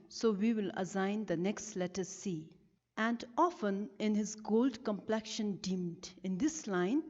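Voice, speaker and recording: A woman teacher from Bhutan, giving a recorded lesson and explaining each term slowly and carefully, stressing the key words. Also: medium pitch, dark tone. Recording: lo-fi with long reverb.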